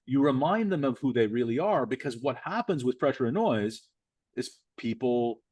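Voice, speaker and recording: A man hosting a podcast interview, speaking emphatically and slowing down to stress his points. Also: medium pitch, expressive, a little mellow, husky, no echo. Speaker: podcast host.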